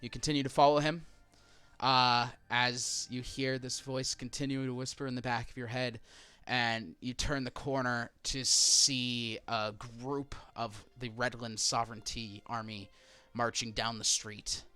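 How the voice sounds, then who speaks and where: A man's voice: medium pitch, flat delivery, unhurried, pushed and bright, clean tone. A man narrating as game master of a tabletop game, descriptive, sometimes correcting himself mid-sentence.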